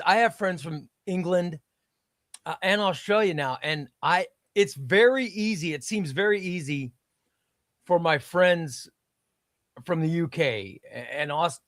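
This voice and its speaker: A man's voice: a little high, unhurried, fairly bright tone, no room sound, studio quality. A man hosting a casual chat, rambling and repeating words as he talks. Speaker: host.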